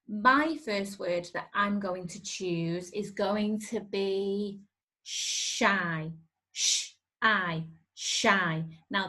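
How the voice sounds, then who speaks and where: Woman, primary teacher, recorded spelling lesson; slow, clear, encouraging delivery. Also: medium pitch, sharp tone.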